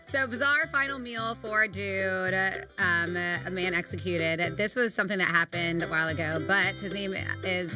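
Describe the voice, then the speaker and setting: A married adult woman co-hosts a radio show from the studio, chatting casually and reading odd news stories with offhand asides and laughs. Her voice is on the low side and steady, moving at a moderate pace with few pauses while music plays in the background.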